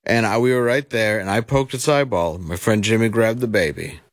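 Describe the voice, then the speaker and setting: A man's voice: on the low side, fairly quick, no echo, clean studio sound. A man co-hosting a radio talk show, teasing and telling tall stories. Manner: joking, teasing storyteller. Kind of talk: casual chat.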